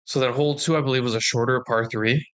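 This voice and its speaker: Fast and animated, this young podcast co-host chats casually and performs the voices of the people he quotes as he tells stories. His tone is bright, forceful and clean, pitched at an ordinary level for a man.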